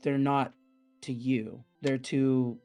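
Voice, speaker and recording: Slow, tentative man at a tabletop game. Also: medium pitch, level tone, dark tone, faint music behind. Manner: tentative, filler-heavy. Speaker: player.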